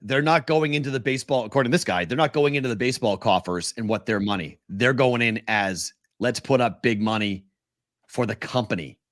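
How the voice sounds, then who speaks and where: A mid-pitched man co-hosts a sports betting podcast and talks in a loose, animated way. He laughs often and now and then slips into a mocking whiny voice. The recording is dry and close. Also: a little fast, no room sound. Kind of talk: casual sports talk.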